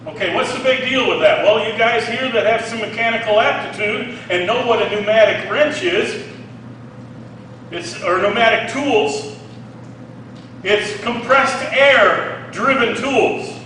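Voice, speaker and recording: A man preaching a sermon, reading scripture and explaining it with animated asides, often asking "Okay?". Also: high-pitched, a little slow, very echoey, recorded from a distance, slight background noise, rough recording.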